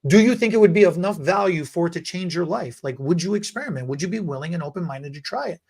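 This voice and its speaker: A man co-hosting a beauty podcast, telling stories in a lively, casual way and often repeating words. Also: high-pitched, quick pace, slightly rough. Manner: animated, repeats words, acts out quotes. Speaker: podcast co-host, hair educator. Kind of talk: casual storytelling chat.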